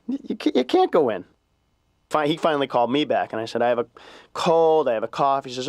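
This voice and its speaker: A man doing a sarcastic stand-up routine as a patient, animated and acting out the voices he quotes. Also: medium pitch, fairly quick, gravelly, no echo, clean studio sound. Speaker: comedian as patient.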